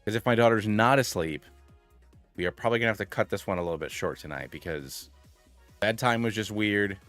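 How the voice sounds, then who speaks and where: Rambling low-voiced streamer man. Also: fairly quick, a bit bright, soft background music. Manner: rambling, filler-heavy, self-deprecating. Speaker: gaming streamer. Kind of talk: casual live-stream chat.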